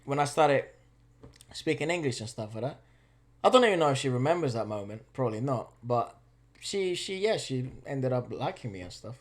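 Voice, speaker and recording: A young man, native in Spanish, tells stories in casual chat. He is animated and laughing, drops swear words freely, and sounds like a young adult co-host on a reaction channel. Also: mid-range voice, a little fast.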